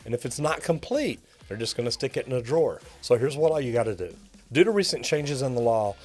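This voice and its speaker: A middle-aged master plumber teaches the trade in an instructional video, addressing viewers in an upbeat, direct coaching tone. His voice is medium in pitch with a darkish tone.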